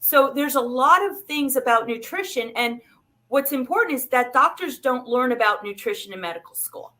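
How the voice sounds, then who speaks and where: A woman's voice: high voice, expressive, normal speed, pushed and bright. A woman speaking as a doctor guest on a talk show, explaining nutrition with everyday examples.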